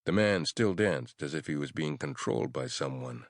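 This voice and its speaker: Sex: male. Role: audiobook narrator. Style: scripted horror narration, measured and even. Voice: very low and deep, dry and close to the mic. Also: dry recording.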